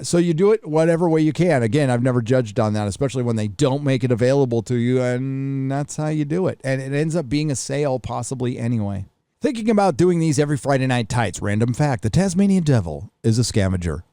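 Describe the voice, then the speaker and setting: A man's voice: mid-range voice, mellow, no room sound, studio quality. A man hosting a livestream, casually reading viewer messages aloud and riffing on them with offhand swearing. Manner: offhand, swears freely, reads messages aloud then riffs. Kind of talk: casual live chat.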